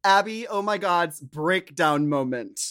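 A man's voice: sits high, expressive, a little slow, a bit bright, clean tone. A man co-hosting a podcast who chats in a playful, giggly, easygoing way. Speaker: podcast co-host. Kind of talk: casual chat.

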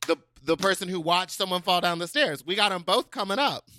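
Expressive man recapping gossip, dry sound. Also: sits high, fairly quick, no echo. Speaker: podcast co-host. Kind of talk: casual gossip chat.

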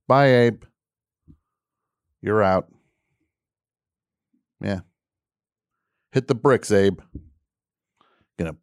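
A male radio host with a lowish voice launches into a comedic, grumbling rant. He spins the story with exasperated mock outrage, keeping it loose and conversational. The studio sound is dry and close to the mic. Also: a little mellow, dry recording. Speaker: radio call-in show host.

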